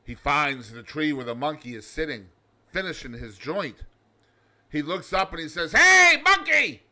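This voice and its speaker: A man hosting a daily comedy show in a loud, over-the-top alter-ego persona, reading facts and telling jokes. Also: a little high, normal speed. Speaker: host.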